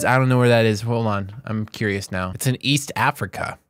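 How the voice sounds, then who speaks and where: A man's voice: on the low side, fairly quick, hardly any pauses. Man reading comments with joking asides. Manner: playful, mock-outraged reactions between readings. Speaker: YouTuber reading viewer comments. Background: background music.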